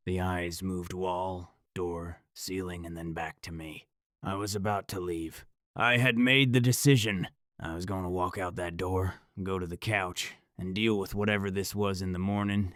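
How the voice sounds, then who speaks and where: A man with a low voice reads a scripted first-person horror story. His delivery is dramatic and measured, and the recording is dry and close, with no room sound. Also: no room sound.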